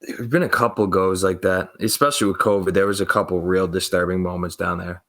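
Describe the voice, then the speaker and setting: A man's voice: low-pitched, fairly even intonation, fairly quick, fairly bright tone. A young man, telling profane, rambling stories on a podcast and acting out the people in them. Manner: profane, rambling, acts out quoted voices. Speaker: podcast co-host. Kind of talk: casual storytelling.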